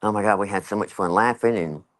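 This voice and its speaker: A man's voice: lowish voice, fast talker. A man, rambling in casual chat as a guest, with lots of fillers and laughter.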